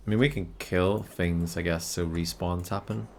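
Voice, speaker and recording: A man's voice: sits low, steady tone, normal speed, gravelly, a little hiss or hum. A man hosting a live game stream, chatting casually and joking around with his co-player. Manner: playful and joking. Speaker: podcast host. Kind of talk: casual gaming stream chat.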